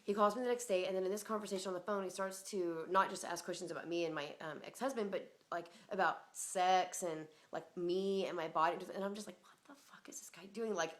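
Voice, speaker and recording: A woman's voice: fairly low pitch, steady tone, a little fast, few pauses. A woman telling a personal story in a rambling, casual way, full of fillers, swearing and laughter.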